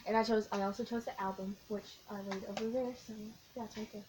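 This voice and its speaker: A young woman vlogging, telling a long, excitable story in a casual, rambling way with lots of giggles. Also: medium pitch, quick pace. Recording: faint background noise.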